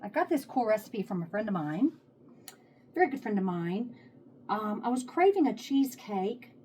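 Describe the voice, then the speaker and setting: A woman's voice: mid-range voice, sing-song, moderate pace, warm tone, a little hiss or hum. A woman with a Texas accent chatting casually while she cooks at home, thinking aloud as she works, recorded on a phone set on a tripod. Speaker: home cook vlogger. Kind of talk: casual cooking vlog chat. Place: home kitchen.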